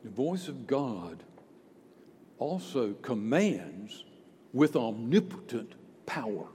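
A man's voice: medium pitch, sing-song, slow pace, mellow, a little hiss or hum. A male pastor preaching a sermon with emphatic rhetorical questions. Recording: long hall reverb.

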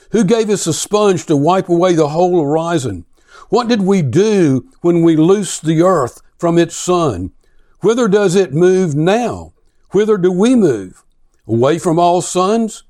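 Emphatic man preaching, slow and deliberate. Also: on the high side, darkish tone. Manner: slow, emphatic delivery, rising to intense questioning when reading aloud. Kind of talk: sermon with dramatic reading.

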